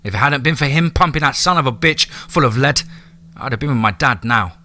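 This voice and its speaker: A man's voice: mid-range voice, fairly quick, sharp tone, close to an everyday voice. A man voicing a blunt, tough teenage boy.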